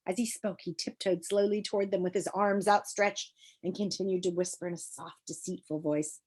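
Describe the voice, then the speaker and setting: A woman reading a children's novel aloud with expressive storytelling. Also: lowish voice, moderate pace. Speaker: reader.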